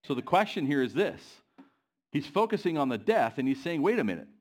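A man's voice: a little high, big pitch swings, normal speed. Man preaching, quizzing his congregation. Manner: asks the congregation questions, pacing varies. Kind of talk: sermon.

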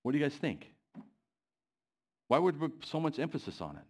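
A man's voice: on the high side, big pitch swings, fairly quick, breathy edge. Man preaching, quizzing his congregation. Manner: asks the congregation questions, pacing varies. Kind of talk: sermon.

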